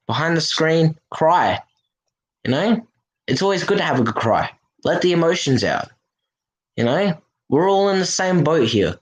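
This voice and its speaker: A man's voice: fairly high pitch, rough recording. A man hosting a casual livestream, talking earnestly and reassuringly to his viewers with lots of "you know" fillers. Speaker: livestream host.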